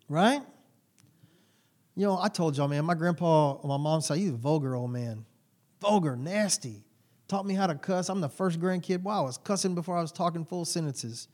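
A man in his forties preaching a sermon, telling folksy stories with sudden loud bursts. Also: high voice, moderate pace. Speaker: pastor.

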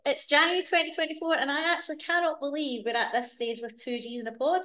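A woman's voice: sits high, quick pace, few pauses, fairly bright tone. A Scottish woman co-hosting a podcast, playful, upbeat and fired up. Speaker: podcast co-host. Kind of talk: casual podcast chat.

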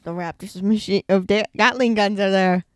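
Lady hosting a silly fake cooking show, giggly, trips over words, smooth voice, dry close mic. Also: mid-range voice, normal speed, no room sound. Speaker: play-acting show host. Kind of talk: goofy improvised pretend cooking show.

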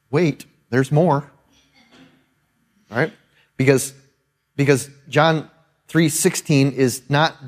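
Higher-voiced man preaching conversationally. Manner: conversational and emphatic, often adding tag questions. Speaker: pastor. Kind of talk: sermon.

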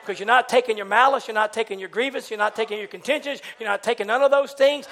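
A high-voiced preacher talks fast, with hardly any pauses, through a folksy, lively sermon at a church service. He shifts from loud outbursts to quiet asides and goes back and forth with the congregation.

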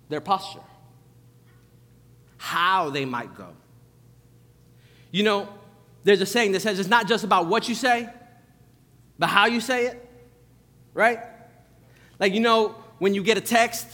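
A man's voice: high-pitched, a bit bright. A young adult man preaching a sermon as pastor, conversational and full of restarts and asides. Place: church sanctuary. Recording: long reverb of a church hall.

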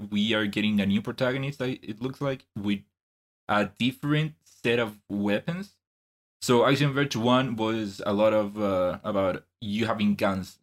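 A man with a slightly low voice gives his take as a podcast co-host. He speaks casually, pausing and correcting himself as he thinks. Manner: thoughtful, hesitant, self-correcting. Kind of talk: casual chat.

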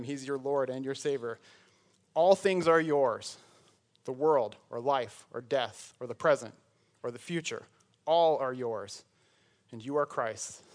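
A man preaching a sermon in a conversational way, breaking off into joking asides. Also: medium pitch. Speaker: pastor.

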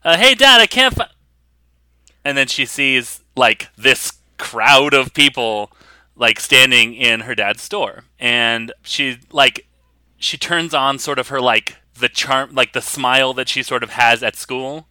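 A man's voice: medium pitch, steady tone, takes it slowly, sharp tone, clear, resonant tone, no echo. A man narrating a tabletop game as game master, rambling casually with frequent fillers.

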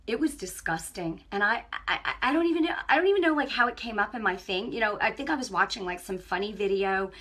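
A woman giving an impassioned spiritual testimony on her own broadcast, telling stories in an animated way that swings between hushed and loud. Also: medium pitch, quick pace, few pauses. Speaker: online ministry broadcaster.

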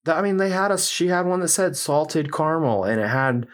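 A man hosting a podcast, telling an embarrassing story in casual chat with animated, self-mocking delivery. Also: a little high, a little fast. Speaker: podcast host.

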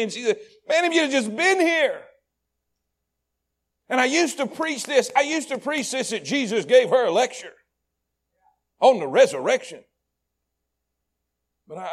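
A man preaching a sermon. He repeats phrases in a rhythmic build and swings between hushed, intimate lines and shouted peaks. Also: very high-pitched. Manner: repetitive, rhythmic delivery. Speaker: pastor.

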